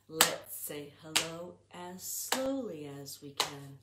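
Animated sing-song librarian for children. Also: female voice, sits low, takes it slowly, hardly any pauses. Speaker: children's librarian hosting story time. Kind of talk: children's story time with chants and songs. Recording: echoey room with faint noise.

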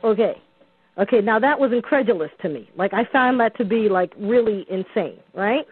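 A woman's voice: mid-range voice, expressive, moderate pace, husky, dry recording. A woman calling into a radio show, chatty and storytelling, over a dry, tinny phone line. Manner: chatty, lots of ums and restarts, storytelling. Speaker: caller. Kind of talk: call-in radio talk.

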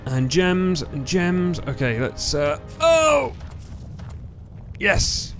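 A man commentating his own gameplay, excitable and yelling at setbacks, his voice going hoarse on a close, loud mic. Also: high voice, extremely slow. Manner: excitable, yelling when dying in game. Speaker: gaming YouTuber. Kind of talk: let's play commentary. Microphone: close headset or desk mic, loud. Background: faint background music.

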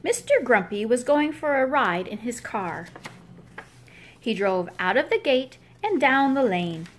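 A woman reads a children's picture book aloud in a fairly high voice. Her melody swings widely and expressively, as if she is holding young listeners' attention. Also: measured pace, slight background noise. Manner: expressive, gives each animal its own voice. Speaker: storybook reader.

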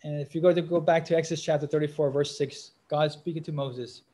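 A man preaching a sermon with a slightly high voice. He halts often on fillers and restarts, then gets louder when he reads scripture aloud. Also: steady tone, quick pace.

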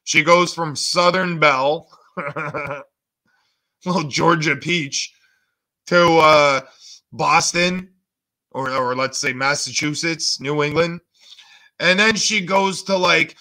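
A man's voice: a little high, takes it slowly, pauses often, pushed and bright. A man hosting a reaction channel, making sarcastic, mocking comments.

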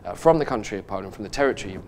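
A man hosting a podcast, telling a story in a halting, earnest way with many restarts and fillers. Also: fairly low pitch, expressive, darkish tone, a little hiss or hum. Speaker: podcast host. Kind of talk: casual podcast chat.

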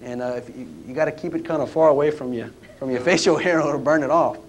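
A historian at a history roundtable tells anecdotes in a lecture room, his fairly high voice moving fast. His storytelling lecture is folksy and full of restarts. There's slight background noise.

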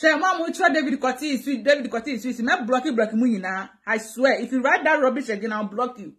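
Talking quickly in a high voice, a Ghanaian-accented woman handles viewer comments on a live stream. Her replies are animated and dramatic, and she switches between two languages.

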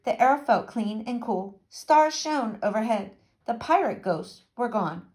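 Animated woman reading aloud to children. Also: a little high, a little slow. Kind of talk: children's storybook read-aloud.

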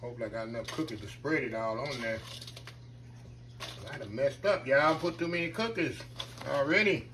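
A man's voice: medium pitch, normal speed, long pauses, noisy background. A man hosting a casual home cooking vlog, folksy and chatty, often calling out to viewers as y'all. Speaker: home cooking channel host.

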